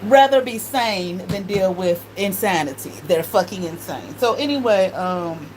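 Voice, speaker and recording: A woman's voice: mid-range voice, expressive, unhurried, noisy background. Laughing, profane storyteller woman. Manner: profane, laughs often, quotes others in voices. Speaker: tarot reader and channel host. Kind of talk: casual storytelling monologue.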